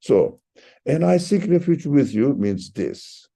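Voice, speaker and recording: A man leads a reflective religious study lesson at an unhurried pace. His husky voice swings widely in pitch. He often stumbles and repeats words before pushing a point home. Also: big pitch swings, mellow. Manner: halting, repeats words, rises sharply for emphasis.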